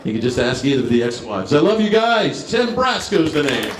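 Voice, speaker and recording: Brash stand-up comic in an echoey bar. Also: male voice, mid-range voice, very animated, fairly quick, very noisy. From New Jersey. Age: 50s. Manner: brash, crowd-working, punchline timing. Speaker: stand-up comedian. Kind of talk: stand-up comedy set. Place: bar stage.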